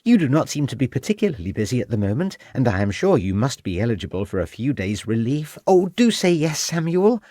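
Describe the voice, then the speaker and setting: A man voicing an eager, affectionate young wife in an audiobook, pleading and excited. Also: mid-range voice, fairly quick, few pauses, no echo, clean studio sound. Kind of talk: audiobook character voice.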